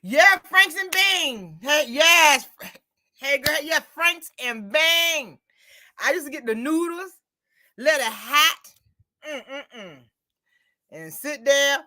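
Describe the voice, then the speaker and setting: Bright high-voiced woman chatting. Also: takes it slowly, long pauses. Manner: chatty, storytelling, animated retelling with quoted dialogue. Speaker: host. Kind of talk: casual chat.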